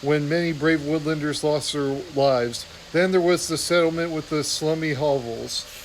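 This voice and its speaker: A man reading a novel aloud, voicing a wise old female badger with slow, measured emphasis. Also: a little high, steady tone, slight background noise, close to an everyday voice, poor audio. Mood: earnest.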